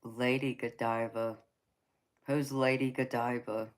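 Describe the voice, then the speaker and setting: A woman's voice: very deep voice, little pitch movement, slow pace. A woman hosting a casual live stream as a tarot reader, chatting and teasing viewers, calling them honey and baby and laughing often.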